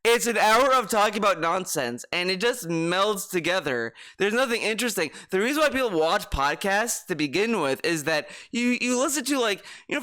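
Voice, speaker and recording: A man's voice: sits high, pushed and bright, clear, resonant tone. A man streaming his reaction to videos, ranting with heated, profane sarcasm. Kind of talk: ranting commentary.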